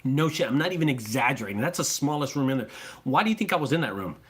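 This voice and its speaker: A man who runs a junk removal business, talking casually and excitably to his viewers, swearing freely and repeating himself. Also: mid-range voice, quick pace. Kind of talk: casual profane vlog talk.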